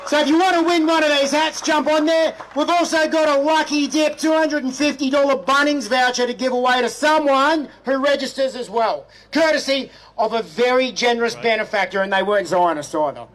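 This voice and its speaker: High-voiced Australian rally MC. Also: male voice, fairly quick, hardly any pauses, a bit bright, low-quality recording. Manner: hyped, punchy, calls out questions to the crowd. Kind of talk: rally crowd address. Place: outdoor rally. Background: faint crowd and ambience.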